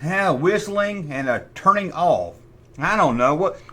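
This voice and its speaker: A man's voice: a little high, animated, measured pace, bright, forceful tone. A middle-aged man hosting a comic toy review. He makes sarcastic asides and imitates sound effects with his mouth. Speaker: toy collector host.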